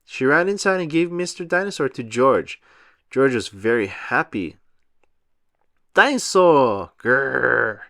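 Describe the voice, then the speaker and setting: A man reading a children's picture book aloud with an animated, sing-song delivery. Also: mid-range voice, moderate pace, dry recording, studio quality. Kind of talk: read-aloud storytelling for children.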